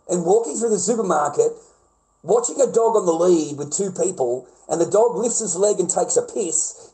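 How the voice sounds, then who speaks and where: A man with an Australian accent delivering an angry, profane rant to camera, often flaring into loud, high outbursts. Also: expressive, moderate pace, poor audio. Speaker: vlogger. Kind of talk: profane ranting monologue.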